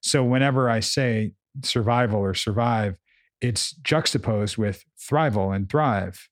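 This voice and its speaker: A man's voice: fairly low pitch, measured pace, no room sound, clean studio sound. A man co-hosting a casual chat, explaining his coaching approach emphatically and often repeating words as he thinks. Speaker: podcast co-host, coach.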